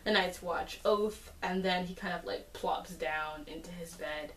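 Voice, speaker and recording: A woman chats through an episode recap, rambling with fillers and animated asides. Her voice sits on the lower side, and she sounds set back from the mic in a roomy space. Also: unhurried, far from the mic. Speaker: TV episode reviewer.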